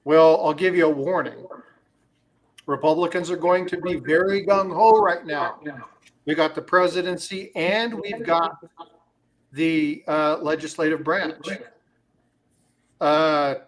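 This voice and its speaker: A man's voice: fairly high pitch, steady tone, slow pace, pauses often, crowd noise. A man hosting a casual livestream, talking in a rambling way with many fillers and telling stories. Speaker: crypto livestream host.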